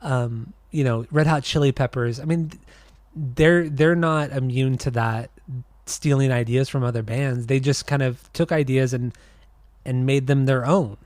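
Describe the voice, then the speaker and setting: A man co-hosting a music podcast in easy, relaxed chat, teasing his partner and laughing often. His voice sits in a middle range. The sound is dry and close-miked. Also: mid-range voice, a little slow, no echo. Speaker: podcast co-host. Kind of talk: casual chat about music.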